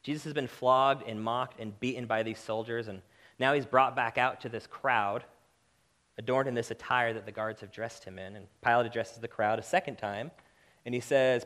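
A man preaching a sermon, impassioned and direct, building to loud emphatic peaks and then dropping to quiet, earnest lines. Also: mid-range voice, fairly even intonation, moderate pace.

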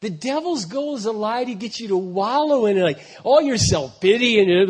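Husky, animated preacher in his fifties. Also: high voice, moderate pace. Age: 50s. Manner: swings from quiet asides to loud emphatic preaching; conversational, with repeated restarts. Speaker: pastor. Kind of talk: sermon.

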